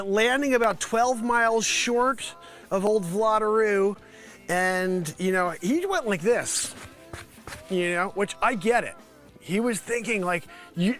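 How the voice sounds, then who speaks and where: A man with a high, bright voice riffs through an improvised comedy bit as a mock news reporter, now and then breaking into shouts. Music plays faintly behind him. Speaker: host of a live comedy stream.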